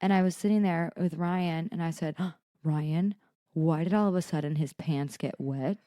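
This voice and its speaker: A woman co-hosting a podcast in casual chat, reacting with quick, blunt interjections and telling her own stories. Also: low voice, dark tone, dry recording, studio quality. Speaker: podcast co-host.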